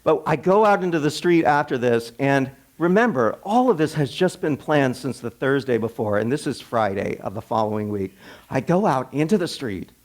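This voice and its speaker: A minister delivers his sermon as a relaxed first-person story, talking in an easy, conversational way. He often stumbles, restarts and repeats words as he goes. His voice sits at an ordinary middle pitch for a man. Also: moderate pace. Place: church sanctuary.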